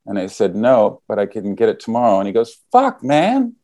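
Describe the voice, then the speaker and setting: A man's voice: lowish voice, steady tone, quick pace, dark tone, dry recording. A man casually telling a story, acting out the quoted lines as he goes.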